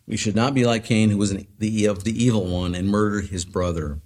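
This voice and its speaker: A man's voice: lowish voice, a little slow, pauses often, darkish tone. A man preaching an expository sermon, explaining a passage and often checking in with tag questions and fillers.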